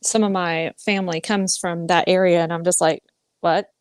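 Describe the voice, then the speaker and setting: A woman from the United States joining a casual chat, relaxed and conversational, telling personal stories. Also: fairly low pitch, a little fast, clean tone, no echo.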